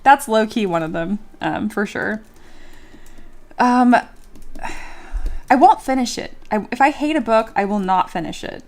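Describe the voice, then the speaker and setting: A woman streamer chatting casually during a livestream and reading viewer comments aloud, animated and full of filler words, often giggling. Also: on the high side, unhurried, long pauses. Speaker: streamer and miniature sculptor.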